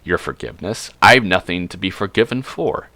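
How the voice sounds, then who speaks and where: A proud, hot-headed elf prince who swears and refuses to back down, tossed off by a man retelling the tale. The voice sits low but has a bright, forceful edge. It sounds dry and close. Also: expressive, fairly quick, no room sound, heavily acted. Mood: defiant. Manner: defiant, swearing, blunt.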